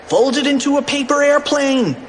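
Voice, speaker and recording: A man voicing a quick-thinking, bossy young schoolboy in a storybook, high and urgent. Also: sing-song, a little hiss or hum. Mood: urgent shouting. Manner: high-pitched, urgent commands.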